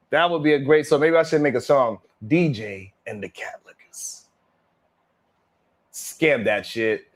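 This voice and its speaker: Laughing, rambling male livestream host. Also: medium pitch. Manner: laughing, rambling, lots of slang and swearing. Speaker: livestream host reading chat. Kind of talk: casual livestream chat.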